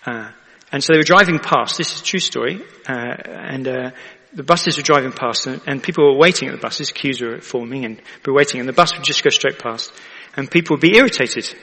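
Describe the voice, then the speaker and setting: Chatty vicar with a gravelly voice. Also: male voice, mid-range voice, a little fast, sharp tone, in a large hall. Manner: chatty, asks the audience for agreement. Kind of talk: sermon.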